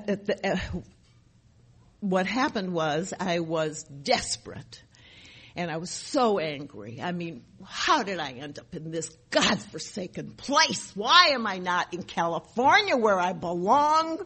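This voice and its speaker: A woman's voice: on the low side, lively intonation, measured pace, pushed and bright, husky. An older woman sharing her recovery story at a meeting, emphatic and repetitive, often asking rhetorical questions. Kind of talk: personal testimony at a recovery meeting.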